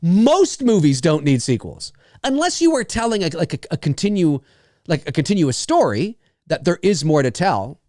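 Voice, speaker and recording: A man's voice: a little high, very animated, normal speed, warm tone, no room sound, clean studio sound. A man hosting a live movie commentary, talking casually in a rambling, chatty way, laughing often and swearing freely.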